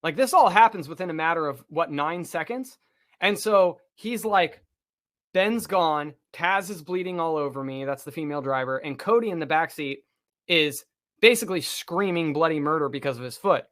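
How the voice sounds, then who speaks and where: A man, a podcast co-host, telling a long personal story in casual talk, animated and swearing freely. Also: on the high side, normal speed.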